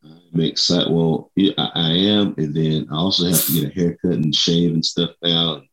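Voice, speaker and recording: A man's voice: very deep voice, fairly even intonation, normal speed, fairly bright tone, rough recording. A man from South Georgia with a Southern country accent, co-hosting a podcast in easygoing, joking casual chat. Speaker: podcast co-host.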